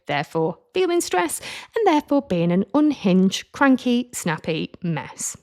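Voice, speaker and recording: Chatty self-deprecating woman in her forties. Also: medium pitch. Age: 40s. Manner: chatty, self-deprecating, animated retelling with frequent restarts. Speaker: podcast host. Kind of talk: candid personal storytelling.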